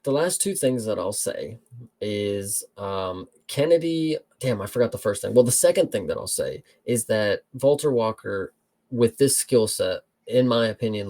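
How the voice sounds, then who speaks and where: A man's voice: on the low side, vocal fry, a little mellow. A man co-hosting a show, breaking down fights in casual, blunt chat and swearing freely. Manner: blunt, swears freely, calls listener bro. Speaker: podcast co-host.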